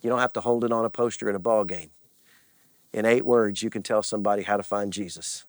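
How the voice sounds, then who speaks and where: A man's voice: steady tone, fast, no room sound. A man preaching a sermon in a church, leading the congregation in call-and-response and repeating key lines for emphasis. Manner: swings from loud and high to low and quiet, repeats lines for emphasis. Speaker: pastor. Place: church sanctuary.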